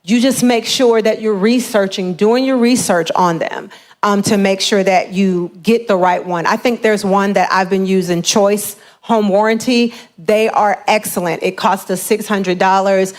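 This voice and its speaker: A woman giving a lively motivational seminar talk on home buying, often acting out the voices of the people she quotes. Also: medium pitch, a little slow.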